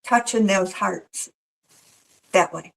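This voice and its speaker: A woman's voice: mid-range voice, slow pace, gravelly, rough recording. A woman working as a professional Mrs. Claus tells a story in a casual interview, slipping into the voices of the people she describes. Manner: animated storyteller who acts out quoted voices.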